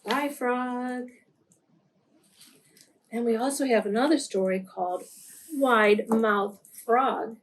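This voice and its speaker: Slow, gentle woman reading to preschoolers. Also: on the high side, slight background noise. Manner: gentle, asks the children questions. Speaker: children's story time reader. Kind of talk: reading picture books aloud to preschoolers.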